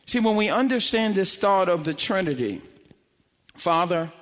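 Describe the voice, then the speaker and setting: A man pastor preaching a sermon, emphatic and swinging from loud to hushed. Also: high-pitched, lively intonation, normal speed. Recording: long hall reverb.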